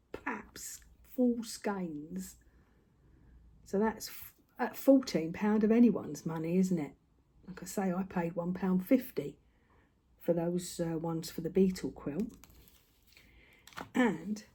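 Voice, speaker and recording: The voice here is lowish, dark and husky, belonging to an older woman doing a casual to-camera chat on her craft vlog. She's in a room at home, a touch out of breath, rambling on with frequent tag questions.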